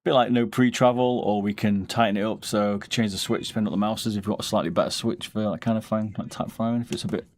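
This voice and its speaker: A man with a deep, low voice talks through a casual live stream at home. He sounds relaxed and rambling, drifting between topics as he answers chat. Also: fast talker, hardly any pauses. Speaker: streamer and mouse modder.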